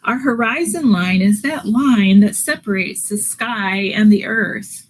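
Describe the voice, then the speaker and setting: A woman's voice: mid-range voice, unhurried, low-quality recording. Patient woman teaching an art class. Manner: patient step-by-step instructions with fillers. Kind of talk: live online art lesson.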